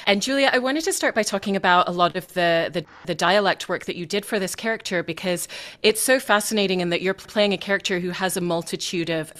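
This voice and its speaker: A woman's voice: fairly low pitch, fairly bright tone. A woman moderating a cast Q&A, asking long, carefully framed questions. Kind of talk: panel Q&A moderation.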